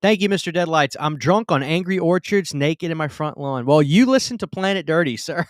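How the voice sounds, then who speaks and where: Stream host, man, higher-pitched, talkative, close dry mic. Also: animated, a little fast, dry recording. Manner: chatty, greets viewers by name, restarts sentences. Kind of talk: casual live chat.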